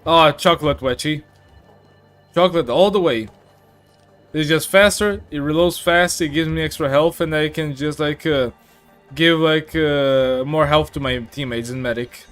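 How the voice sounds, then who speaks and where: Against faint background music, a man with a fairly high, fairly bright voice streams a game in an unhurried way. His casual commentary is chatty and filler-heavy, and he reads the chat out loud.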